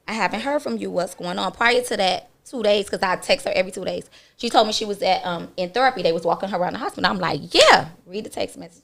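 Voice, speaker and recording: A woman's voice: medium pitch, creaky. A woman guest on a talk radio show tells a personal story candidly, acting out other people's lines as she goes. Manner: animated, acts out other people's lines in her retelling; blunt and candid, with casual swearing.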